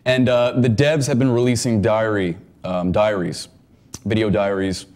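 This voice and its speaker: A man co-hosting a gaming podcast in casual chat, rambling and repeating words as he gets excited about game news. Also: fairly low pitch, moderate pace. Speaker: podcast co-host.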